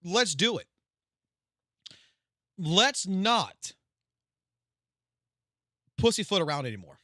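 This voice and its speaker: A male streamer rants heatedly into his mic, cursing and calling people out. His voice sits high and swings widely, with a bright, sharp edge. The sound is close and dry, with no room around it. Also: big pitch swings, slow, no room sound. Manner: heated, profane, confrontational ranting. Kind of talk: live-stream drama commentary.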